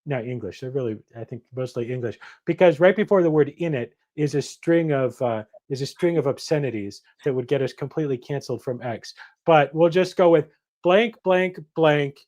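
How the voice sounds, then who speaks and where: A man's voice: medium pitch, moderate pace, darkish tone. Man co-host, dry humor, mid-range voice, rambling storyteller. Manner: dry, joking, rambling asides. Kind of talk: casual chat.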